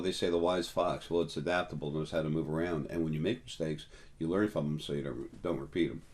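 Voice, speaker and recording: A man hosting a spiritual video, rambling through a casual monologue to his viewers and leaping higher in pitch whenever he quotes someone. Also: darkish tone. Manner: storytelling, jumps up high when quoting people.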